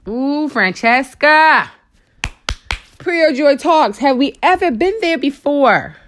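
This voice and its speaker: A woman with a high voice, talking a little slowly, hosts a faith talk show and gives a Christian motivational talk. She preaches with animated emotion and frequent asides, speaks to her listeners conversationally as "girl" and "honey," and exclaims to the Lord.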